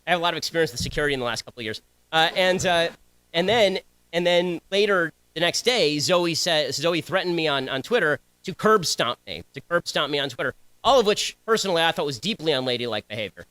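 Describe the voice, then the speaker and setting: Rapid-fire combative young man. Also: on the high side, lively intonation, pushed and bright, smooth, no echo, low-quality recording. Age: young adult. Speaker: political commentator giving a speech. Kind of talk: speech to students.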